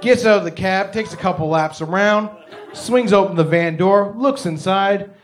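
A man in his twenties doing loud, animated stand-up storytelling, swearing and acting out voices. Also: high-pitched, normal speed. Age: 20s. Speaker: stand-up comedian.

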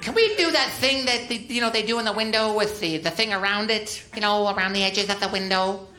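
A comedian voicing a shrill, demanding wife who makes vague, pushy requests in an echoey club. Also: male voice, brisk, pushed and bright.

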